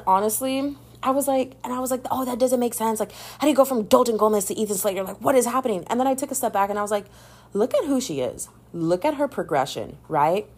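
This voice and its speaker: A young woman hosting a podcast, chatting in a sassy, animated way about pop culture and calling the listener "babes.". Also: medium pitch. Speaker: podcast host. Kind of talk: casual pop-culture gossip commentary.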